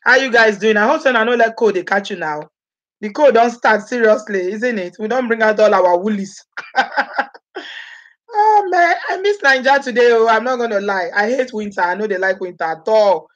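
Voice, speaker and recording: A woman from Edo State with a Nigerian accent hosts a live vlog, greeting viewers by name and slipping into Pidgin. Her voice is a little high and animated, her pace moderate, and the recording sounds muffled.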